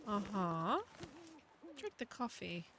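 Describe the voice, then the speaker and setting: A woman's voice: medium pitch, animated, slow, fairly bright tone, a little hiss or hum. A woman chatting casually while she plays a video game at home, thinking aloud and talking to her dog. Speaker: gaming video creator. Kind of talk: casual gameplay commentary.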